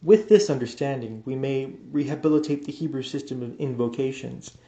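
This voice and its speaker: A man reading an esoteric book aloud as an audiobook, measured and deliberate, now and then stumbling and restarting a word. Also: medium pitch, dark tone. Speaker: audiobook reader. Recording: roomy, echoey room sound.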